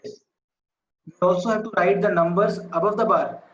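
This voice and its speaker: This teacher has a high, slightly bright voice with fairly even intonation and a moderate pace, and the sound is lo-fi and echoey. Teaching a maths lesson online by video call, he explains things patiently and repeats the important numbers.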